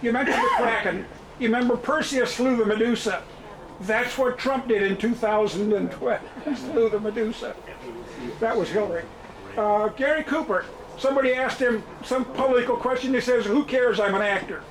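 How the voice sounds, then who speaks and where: Audience man with a very high voice who quotes history, recorded in an echoey room. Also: moderate pace, crowd noise. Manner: quotes history, recites remarks. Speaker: audience member.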